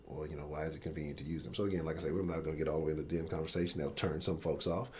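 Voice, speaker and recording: Profane, low-voiced man ranting about sports. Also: fairly even intonation, racing, a little mellow, a little hiss or hum. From Houston area. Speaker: sports talk show host. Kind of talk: live-stream sports rant.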